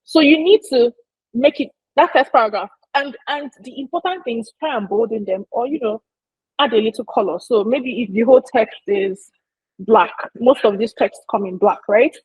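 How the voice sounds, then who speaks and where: A woman's voice: fairly high pitch, moderate pace, slightly rough, no echo, dull audio. A woman giving an informal marketing lesson, chatty and emphatic, speaking straight to her listeners. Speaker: business marketing presenter. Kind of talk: informal teaching talk.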